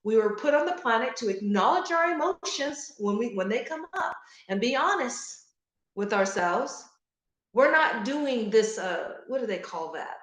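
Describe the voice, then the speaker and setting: A middle-aged woman giving an earnest, animated motivational talk to grieving parents, repeating key phrases for emphasis. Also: on the high side, moderate pace, echoey room. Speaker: guest speaker on grief support.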